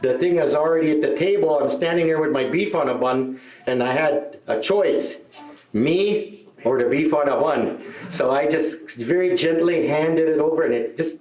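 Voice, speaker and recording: A man's voice: fairly high pitch, moderate pace, a little mellow, lo-fi sound. A middle-aged man performing a stand-up set, telling stories with asides and "eh?" tags. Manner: storytelling with tag questions and asides, self-deprecating. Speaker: stand-up comedian. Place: indoor venue with live audience. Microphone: stage microphone on a stand.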